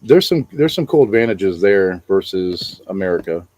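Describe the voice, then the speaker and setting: A man's voice: low-pitched, sing-song, moderate pace, darkish tone, no room sound. A middle-aged man co-hosting a casual chat, rambling about travel with many fillers. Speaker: co-host.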